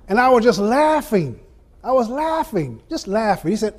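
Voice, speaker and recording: An older man speaking as a motivational speaker to a live audience at an event. He builds his points with rhythmic repetition and dramatic pauses, and laughs through his stories. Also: high voice, lively intonation. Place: event venue before an audience.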